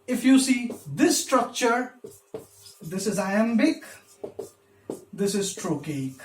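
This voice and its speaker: A man who gives a literature lecture, patiently explaining step by step and stressing syllables when he demonstrates them. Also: high voice. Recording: echoey room.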